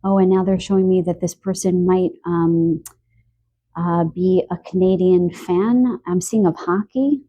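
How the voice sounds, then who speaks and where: Give me a low-pitched woman musing through a card reading, slightly stuffy. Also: fairly even intonation, a little slow, lo-fi sound. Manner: musing, stream-of-consciousness, frequent soft laughs. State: stuffy nose from a cold. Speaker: tarot card reader. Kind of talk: intuitive card reading to camera.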